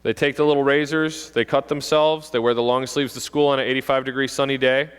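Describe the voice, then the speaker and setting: Police officer talking in a reverberant hall. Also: male voice, medium pitch, fairly quick, clean tone. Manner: animated storyteller, acts out kids' voices. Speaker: police officer giving a talk to parents. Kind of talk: presentation to an audience. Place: school hall.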